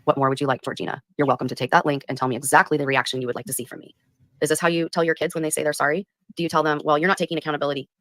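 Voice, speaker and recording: A woman's voice: deep voice, fairly even intonation, rapid-fire, a bit bright, no room sound. A woman livestreamer speaking defensively and close to tears. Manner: defensive, tearful. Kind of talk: live stream replayed.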